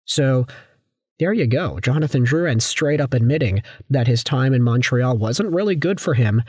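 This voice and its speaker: A hoarse man with a sore, scratchy voice chats about hockey with lots of casual asides. His voice is recorded dry and close, with no room sound. His pitch sits in an ordinary middle range for a man. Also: lively intonation, moderate pace, darkish tone, no room sound. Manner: chatty, conversational, with frequent asides. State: hoarse from a viral infection. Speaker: hockey YouTuber. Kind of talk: casual sports commentary.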